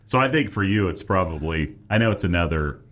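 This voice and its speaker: Low-voiced man in halting casual chat. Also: expressive, a bit bright. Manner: halting, restarts sentences. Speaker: podcast co-host.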